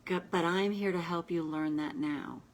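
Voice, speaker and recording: A woman coach talks to her viewers in a relaxed, conversational livestream style. Her voice sits a little low, and at times she lowers it to a soft, reassuring whisper. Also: moderate pace, poor audio. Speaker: self-help coach and host.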